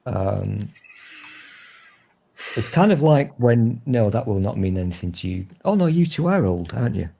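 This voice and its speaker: Northern english dude in his 30s, mellow husky voice, swears a lot and jokes at his own expense. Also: lowish voice, sing-song, moderate pace, pauses often. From Northern England. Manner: swears freely, teasing and self-mocking. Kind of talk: casual chat.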